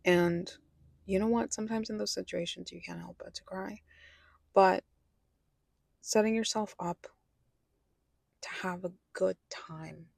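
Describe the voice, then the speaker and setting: A woman's voice: mid-range voice, steady tone, measured pace, gravelly, pauses often, a little mellow, no echo. A young adult woman talking candidly in a personal vlog, rambling and correcting herself, sometimes dropping to a whisper. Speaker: vlogger.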